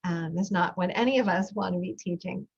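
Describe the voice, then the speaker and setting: On a podcast featuring a guided breathing moment, a middle-aged woman who coaches parents tells reflective stories about her family. Her voice is fairly low, creaky and slightly rough, she speaks a little fast, and the sound is lo-fi.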